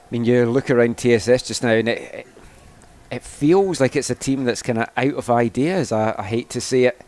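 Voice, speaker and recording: A man giving color commentary on a live women's football match, talking through the play in a relaxed, chatty way with frequent restarts. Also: medium pitch, brisk. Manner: chatty analysis with restarts and "I mean".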